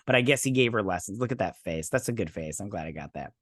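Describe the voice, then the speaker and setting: A man's voice: fairly low pitch, expressive, fast, no room sound, clean studio sound. A man in his younger adult years chatting casually as a show host, recapping an episode in a rambling way that slips into quoted lines.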